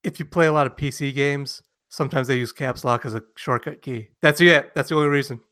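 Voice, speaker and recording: A man co-hosting a podcast, telling stories animatedly and acting out quotes loudly in casual chat. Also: medium pitch, brisk, dry recording. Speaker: podcast co-host.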